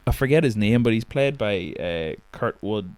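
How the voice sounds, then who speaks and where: A man's voice: lowish voice, lively intonation, normal speed, a little mellow, smooth, no echo. A man swearing freely and laughing as he chats about films on a podcast. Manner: sweary, rambling, laughs often. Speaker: podcast co-host. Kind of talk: casual film chat.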